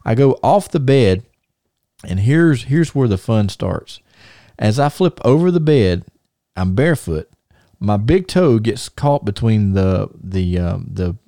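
A man hosting a podcast, telling a long story in a rambling, animated way with many restarts. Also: mid-range voice, no echo, clean studio sound. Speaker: podcast host. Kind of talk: casual storytelling and show segment intro.

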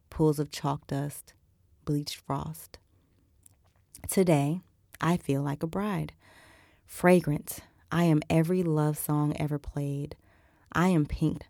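A woman reading first-person erotic fiction aloud in an intimate, measured way. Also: deep voice, mellow, no room sound, studio quality. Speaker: audiobook narrator.

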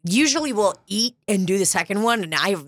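A woman's voice: mid-range voice, lively intonation, fairly quick, slight background noise. A woman co-hosting a comedy podcast, chatting casually, laughing often and swearing freely. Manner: giggly, swears freely, breaks into silly voices. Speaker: podcast co-host.

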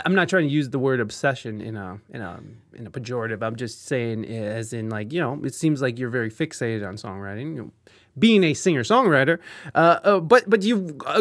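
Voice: mid-range voice, dry recording, studio quality. A podcast host chatting casually with a guest, teasing and emphatic, prone to playful rants.

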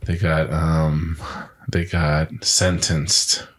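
A man co-hosting a podcast in casual chat, joking and quick to chime in. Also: very deep voice, little pitch movement. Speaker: podcast co-host.

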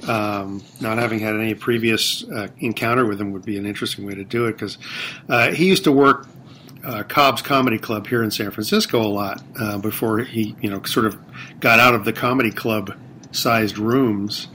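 A man interviewing a podcast guest in a relaxed, chatty way, with plenty of "uh" fillers. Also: lowish voice, moderate pace, slight background noise. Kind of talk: casual interview chat.

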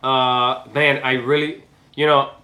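A young man from Miami co-hosting a casual sports chat, animated and jokey, with frequent swearing. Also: medium pitch, takes it slowly. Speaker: podcast co-host.

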